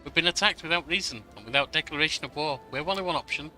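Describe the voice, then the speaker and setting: A man's voice: fairly high pitch, racing, sharp tone, soft background music, low-quality recording. A man voicing an earnest young woman advisor who brings urgent news, read aloud from a game. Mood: alarmed. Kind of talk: reading game dialogue aloud.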